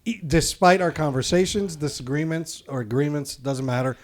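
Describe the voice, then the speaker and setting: A man's voice: a little high, moderate pace. A man from Puerto Rico with a Puerto Rican accent, a podcast guest chatting in an easygoing, agreeable way and chuckling often. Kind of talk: casual conversation.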